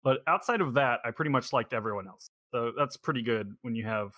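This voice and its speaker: A man's voice: medium pitch, brisk, pushed and bright, no echo. Rambling man hosting a podcast, dry sound. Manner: rambling, thinking aloud. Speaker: podcast host. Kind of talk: casual podcast chat.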